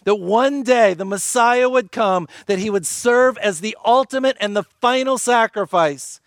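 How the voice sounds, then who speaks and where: High-voiced man preaching a sermon. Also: dry recording, studio quality. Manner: earnest preaching, slows and drops low for emphasis. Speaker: pastor.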